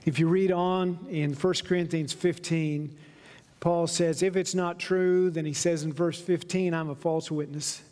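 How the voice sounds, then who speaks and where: A man preaching from the pulpit, telling stories and now and then slowing down for emphasis. His voice sits high, and the church hall around him carries a long reverb. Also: steady tone, a little mellow. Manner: storytelling preacher, slows down for emphasis. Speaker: pastor. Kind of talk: sermon. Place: church sanctuary.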